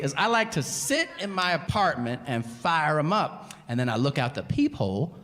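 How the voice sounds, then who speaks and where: A man's voice: a little high, sing-song, normal speed, fairly bright tone. A man doing stand-up storytelling on stage with a handheld mic, profane and incredulous. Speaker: stand-up comedian. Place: live comedy venue. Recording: live hall reverb with ambient noise.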